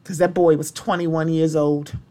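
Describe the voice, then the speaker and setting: A woman speaks alone on her podcast in a slightly low voice. She is impassioned and blunt, and she swears freely. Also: level tone, moderate pace, warm tone. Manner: impassioned and blunt, with strong language. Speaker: podcast host. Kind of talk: solo podcast monologue.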